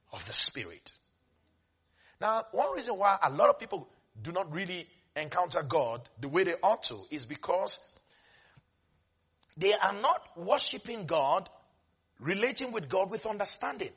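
A man preaching a sermon, animated, breaking into shouts and laughs between hushed asides. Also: high-pitched, husky.

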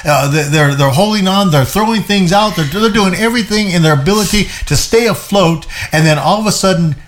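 A man co-hosting a show, teaching and explaining a Bible passage in a lively way, often repeating himself and laughing. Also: high-pitched, a little fast, slight background noise.

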